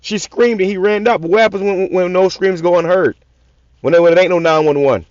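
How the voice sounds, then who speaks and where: A man's voice: high voice, steady tone, brisk, a little mellow, no room sound. A man preaching scripture in a raw, profane style, repeating words in stammering runs and swearing often. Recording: dull lo-fi sound.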